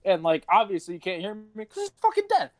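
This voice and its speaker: A young man on a casual podcast, talking in a loose, rambling way full of swearing and laughter. His voice sits high for a man. The sound is dry and close, with no room to it. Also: huge pitch swings, quick pace, no echo. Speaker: podcast host.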